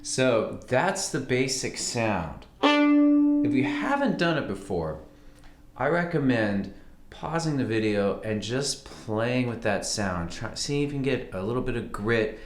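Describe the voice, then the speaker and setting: Lively-voiced man teaching fiddle. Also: medium pitch, a little slow, over loud music. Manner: relaxed, conversational, counts beats aloud. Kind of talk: casual music lesson. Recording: roomy sound with fiddle playing.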